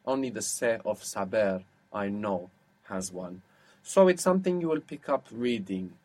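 A man teaching a one-to-one language lesson, explaining patiently and slowing down to model words. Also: fairly low pitch, lively intonation, darkish tone.

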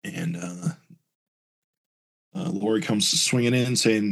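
A man's voice: on the low side, slow pace, vocal fry, fairly bright tone. A man co-hosting a podcast, recapping a comic book and acting out the characters' lines in raised voices. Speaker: podcast co-host reading a comic aloud.

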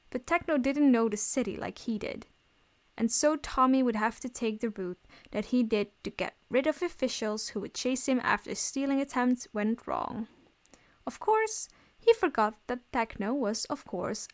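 A woman reading fan fiction aloud in a steady storytelling voice. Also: sits high. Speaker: reader.

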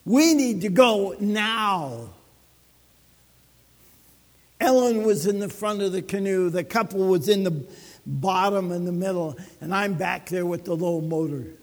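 A man preaching a sermon, telling a story with dramatic swings between loud and soft. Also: high voice, moderate pace, big-room sound. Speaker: pastor.

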